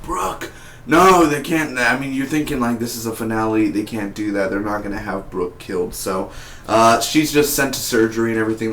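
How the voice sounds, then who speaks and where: A young man chatting through a casual spoken TV review in a rambling, excitable way. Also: lowish voice. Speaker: TV show reviewer. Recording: echoey room.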